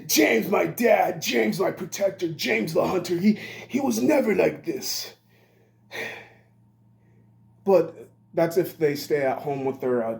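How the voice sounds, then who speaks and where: A man's voice: fairly high pitch, warm tone. A man in his twenties giving a rambling monologue, blunt and profane. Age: 20s. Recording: roomy echo.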